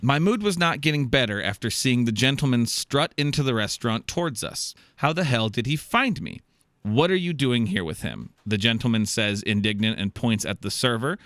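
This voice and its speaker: A man's voice: medium pitch, fairly quick, few pauses, no room sound, clean studio sound. A man hosting a comedy podcast, reading a listener's story aloud with joking asides and laughter. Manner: animated, laughing, jokey interjections. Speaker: podcast host.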